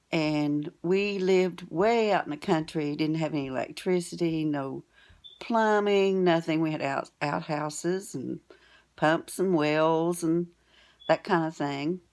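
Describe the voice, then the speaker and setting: An older woman tells a homespun story from her childhood straight to her viewers. Her voice sits slightly low, and she uses plain country phrasing with a relaxed storytelling pace. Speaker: storytelling vlogger. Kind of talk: folksy storytelling to camera.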